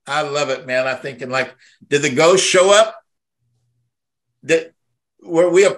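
This devotional podcast host and minister is an older man whose voice is fairly high and a bit bright. He rambles with emotion and passion, his voice rising whenever the feeling takes hold.

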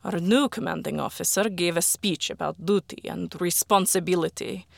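An audiobook reader narrates a first-person story in a quiet, deliberate voice that sometimes sinks to a whisper. The voice is gravelly and sits at a middle pitch. The recording is dry and close, with no room echo.

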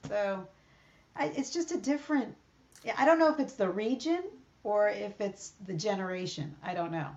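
A woman's voice: medium pitch, lively intonation, moderate pace, darkish tone. Chatty woman with lo-fi sound. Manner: chatty storyteller, acts out quoted exchanges. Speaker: podcast co-host. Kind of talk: casual chat. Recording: slightly dull lo-fi sound.

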